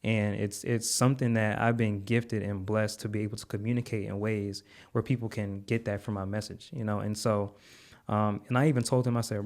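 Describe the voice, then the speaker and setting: A man with a fairly low voice tells a story in earnest, heartfelt conversation. He repeats words and leans on fillers as he goes. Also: level tone, a little fast, a little mellow. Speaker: podcast guest, content creator.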